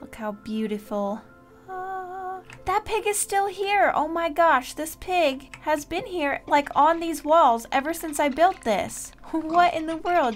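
A woman's voice: high-pitched, lively intonation, unhurried, faint music behind. A woman hosting a game series, giving chatty, casual gameplay commentary and talking playfully to the animals in the game. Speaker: Minecraft series host.

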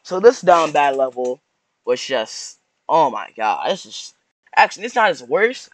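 A young man rambling through casual reaction commentary, slangy and mock-sorrowful, with restarts and drawn-out sighs. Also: on the high side, very animated, no room sound. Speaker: YouTuber reacting to posts.

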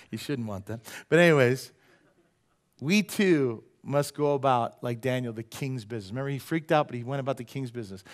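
A male pastor preaching a lively sermon in a slightly higher-than-usual voice. He talks in a conversational, joking way, punching some phrases loudly and dropping others to near-quiet asides. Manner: animated and conversational, swinging between loud emphasis and quiet asides; jokey, drops into quick playful voices.

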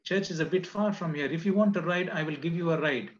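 A man's voice: a little high, fast talker, dull audio, pitched above the performer's own voice, close to an everyday voice. A man putting on a kind, eager young woman. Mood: eager, inviting. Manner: raised, eager inviting voice. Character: kind rich young woman, gently persuasive.

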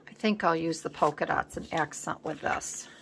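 A woman hosting a collage video, chatting casually as she works at a home craft table, rambling and thinking aloud, sometimes dropping to a soft murmur. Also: low voice, moderate pace, a little hiss or hum. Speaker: collage artist host.

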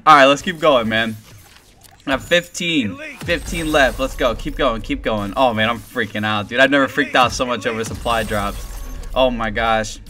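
A young man giving excited, rambling gameplay commentary as a gaming video host. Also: mid-range voice, moderate pace, faint music behind. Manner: hyped, rambling, shouts and laughs at rare drops. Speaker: gaming YouTuber.

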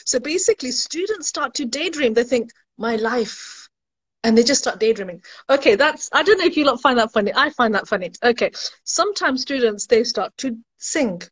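A woman's voice: high voice, expressive, a little fast, husky. A woman education recruiter chatting casually on a live stream, laughing at her own jokes and answering viewers' questions.

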